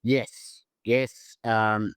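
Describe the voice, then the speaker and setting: Smooth-voiced Australian man telling stories. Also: on the low side, flat delivery, very slow, a bit bright, no echo, clean studio sound. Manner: chatty, storytelling, frequent restarts. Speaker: musician guest. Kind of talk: casual interview chat.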